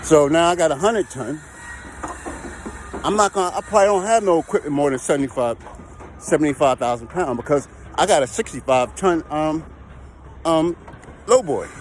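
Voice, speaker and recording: A man's voice: fairly high pitch, lively intonation, moderate pace, pauses often, slight background noise. A man talking casually to camera about heavy equipment work, repeating himself and checking in with the listener. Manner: repetitive, conversational, keeps checking in with the listener. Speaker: heavy equipment and recovery operator. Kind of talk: casual vlog talk to camera.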